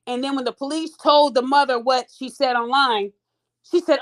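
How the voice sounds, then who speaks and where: A woman hosting a podcast, telling a long story in a casual, animated way and talking straight to her listeners. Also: sits high, normal speed. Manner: animated, addresses listeners as y'all. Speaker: podcast host.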